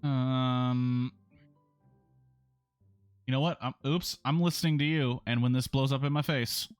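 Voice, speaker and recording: A man's voice: mid-range voice, steady tone, unhurried, pauses often, clean tone, soft background music. A man streaming a game, making wry, joking comments while reading aloud.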